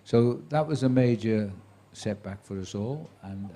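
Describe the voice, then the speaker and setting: A man's voice: fairly low pitch, a little slow, mellow. A man in his seventies, a sports commentator, telling career stories to a live audience with dry wit and acted-out quotes. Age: 70s. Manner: chatty raconteur who acts out quoted voices, dry wit. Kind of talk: anecdotal storytelling to a live audience.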